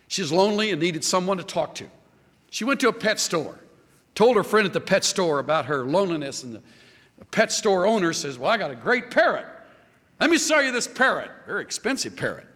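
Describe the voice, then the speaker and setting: A man preaching a sermon, animated, building up to a joke story. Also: a little high, big-room sound. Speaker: pastor.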